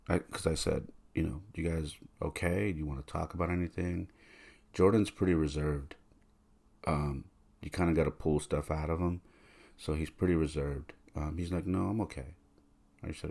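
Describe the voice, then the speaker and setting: A man in his thirties talks through a personal memory on his podcast, soft-spoken and rambling, circling back over his words. His voice sits very low with a gravelly fry and a husky edge. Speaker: podcast host. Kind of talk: reflective personal monologue.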